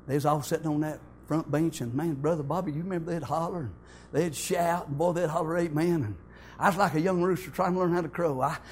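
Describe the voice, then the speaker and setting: A man's voice: on the high side, fairly even intonation, fast talker, hardly any pauses, a little hiss or hum. An older man, telling his church testimony in a folksy, homespun way. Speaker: church member giving testimony.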